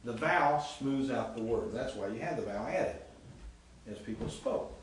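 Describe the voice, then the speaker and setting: A male Greek professor delivers a chatty lecture in a seminary classroom, quizzing students and sounding out words. His voice is medium-pitched and animated at a normal speed. The room is echoey, the mic sits far off, and there's faint hiss.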